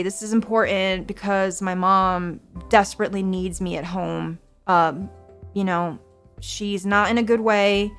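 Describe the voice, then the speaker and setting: Brief: young woman streamer, anxious and rambling, mid-range voice, faint music behind. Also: mid-range voice. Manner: anxious, rambling, repeats herself. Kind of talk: casual livestream chat.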